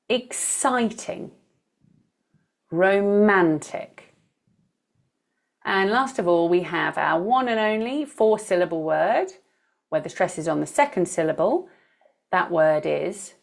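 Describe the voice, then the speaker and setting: A woman teaching English with a British accent, reading each word out slowly and clearly and stressing its syllables in a pronunciation drill. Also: lowish voice.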